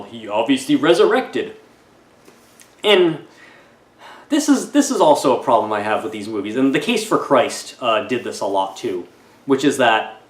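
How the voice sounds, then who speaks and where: Wry, rambling male film reviewer. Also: mid-range voice. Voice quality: wry, digressive, halting. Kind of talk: casual spoken film review. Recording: roomy echoey room.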